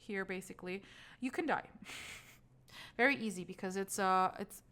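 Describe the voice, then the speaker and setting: A woman teaching trauma healing presents a recorded brain anatomy lecture in a relaxed, mid-range voice at normal speed. Her manner is casual and talkative, and she laughs at her own slips.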